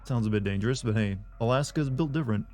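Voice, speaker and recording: A man chatting to his viewers during a live game stream. He rambles in an offhand, loose way, swears often and restarts his sentences. His voice sits at an ordinary middle pitch, and faint game music plays behind him. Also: quick pace, darkish tone. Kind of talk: casual chat with viewers while streaming a game.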